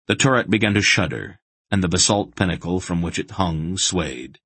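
A man narrating a fantasy audiobook in a dramatic, measured storytelling manner. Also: deep voice, a bit bright, slightly rough, no room sound.

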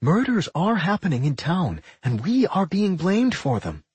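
A man voicing a worried, sharp-minded female pixie who thinks aloud and scolds her partner. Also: high voice, sing-song, a little slow, slightly rough, no room sound, voice pushed up, heavily acted.

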